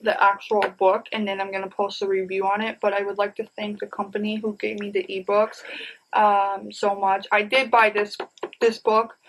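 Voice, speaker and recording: In a rough recording, a woman in her thirties shows off her new books to viewers in a casual, rambling, enthusiastic chat. She speaks at a moderate pace in a level, mid-range voice and often says "you guys."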